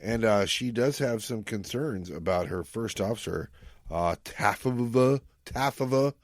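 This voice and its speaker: A man's voice: on the low side, measured pace, dry recording, studio quality. A man co-hosting a podcast, talking through a novel in a loose, rambling way with many fillers. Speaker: podcast co-host. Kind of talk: casual book discussion.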